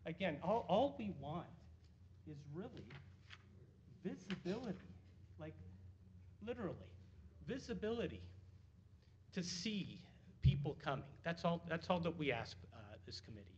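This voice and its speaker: A man speaking as a resident at a council meeting, nervous and halting, full of fillers and restarts. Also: a little high, sing-song. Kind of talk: public deputation. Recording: dull lo-fi meeting audio with faint noise.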